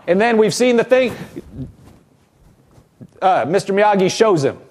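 Pastor guy preaching, fairly high voice, acts out little quotes as he goes. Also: unhurried, long pauses. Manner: animated preaching, acting out quotes in character voices. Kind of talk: sermon.

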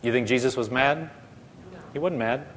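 A man's voice: medium pitch, moderate pace, fairly bright tone, a little hiss or hum. A man preaching a sermon, telling a story with emphatic repetition. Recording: long reverb of a large hall.

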